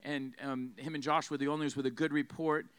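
A fiery male preacher with a high, bright, clear voice, driving his sermon hard and calling on the crowd to repeat after him. The sound is close and dry, with no room echo. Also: steady tone, fast talker. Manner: fiery, emphatic, has the crowd repeat phrases.

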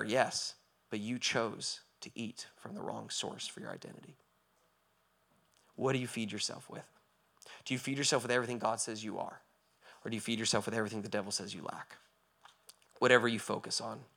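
A male pastor giving a sermon, moving from quiet reflection to loud, impassioned preaching with rhetorical questions asked again and again. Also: mid-range voice, creaky. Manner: asks rhetorical questions over and over.

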